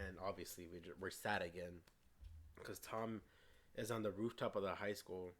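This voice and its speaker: A man's voice: on the low side, moderate pace, a bit bright. A man co-hosting a casual movie review, eagerly retelling scenes and stumbling over his words. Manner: frequent restarts and stumbles. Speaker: co-host of a movie review show.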